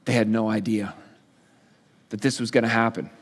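A man's voice: on the low side, fairly even intonation, moderate pace, big-room sound. A male pastor teaching a sermon in a casual, storytelling way with playful asides. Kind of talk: sermon, conversational Bible teaching.

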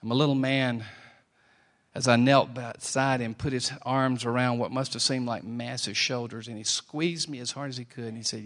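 A middle-aged man preaching a sermon, telling a personal story and swinging from quiet, slow lines to loud ones. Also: medium pitch, steady tone. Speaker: pastor.

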